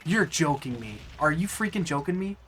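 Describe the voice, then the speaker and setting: A man's voice: mid-range voice, normal speed, a little hiss or hum. A young man hosting a casual let's play, chatting and joking with viewers, with bursts of frustration. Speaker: gaming channel host.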